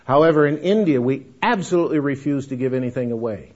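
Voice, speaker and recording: A man's voice: mid-range voice, expressive, fast talker, darkish tone. A man giving an emphatic, folksy missions talk to an audience, calling them folks. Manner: emphatic, addresses listeners as folks. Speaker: missions speaker. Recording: dull lo-fi lecture recording.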